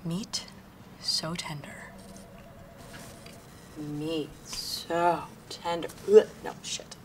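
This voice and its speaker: A woman's voice: fairly low pitch, lively intonation, moderate pace, noisy background, natural voice. A young woman playing a new telemarketer with a dry, sarcastic manner, in a comedy audio drama. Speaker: new telemarketer on her first day.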